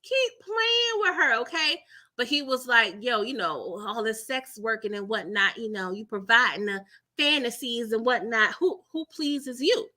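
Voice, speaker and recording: Bright, lively woman recapping TV. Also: on the high side. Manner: animated, dramatic, laughing, slangy asides; mimics characters' lines in quick voices. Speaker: recap channel host. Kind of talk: casual TV recap livestream.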